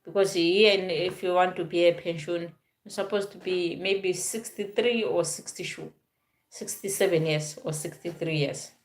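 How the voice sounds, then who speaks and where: Woman in her forties, from southern Africa, casual vlog talk, halting and repetitive. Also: fairly low pitch, fairly even intonation. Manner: halting, repeats and restarts phrases. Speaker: vlogger.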